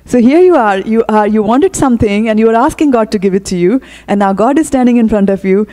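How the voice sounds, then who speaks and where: A woman giving a storytelling sermon, retelling a scripture tale with quoted dialogue, casual fillers and pauses. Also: a little high, expressive, warm tone, in a large hall. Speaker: speaker giving a temple talk.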